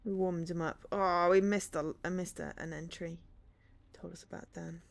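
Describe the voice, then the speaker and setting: A woman's voice: lowish voice, fairly even intonation, moderate pace, vocal fry. A woman streamer reading a story game aloud, with dry, sarcastic asides.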